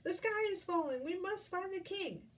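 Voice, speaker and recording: A woman's voice: very high voice, lively intonation, normal speed, pitched above the performer's own voice. Woman doing a squealing panicky little chick. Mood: frantic. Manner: squealing, frantic.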